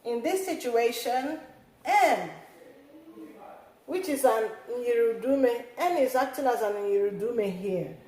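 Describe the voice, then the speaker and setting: A woman teaches a tone-marking lesson, stretching each word into slow, sung drills. Her voice sits fairly high and she speaks very slowly. The sound carries a roomy echo. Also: mellow. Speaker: language teacher.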